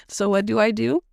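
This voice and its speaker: A woman co-hosting a podcast and telling a story, her pitch rising and falling all through it. She laughs often and acts out the other people in her story. Her voice is dry and close, with no room sound. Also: vocal fry, a little mellow, no room sound. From United States. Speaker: podcast co-host. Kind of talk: casual chat, animated storytelling.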